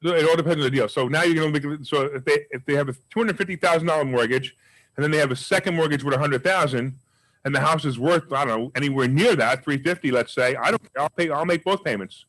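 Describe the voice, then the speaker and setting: A quick, energetic man teaches a real estate investing class, his voice sitting a bit high and close to a dry mic. He tells his deals with emphatic enthusiasm and rattles through the numbers. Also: no room sound, rough recording. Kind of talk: live class with questions.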